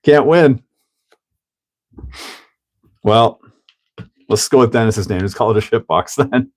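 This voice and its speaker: A man's voice: medium pitch, takes it slowly. A man hosting a hobby livestream in casual chat, joking, laughing often and answering chat as he builds a kit.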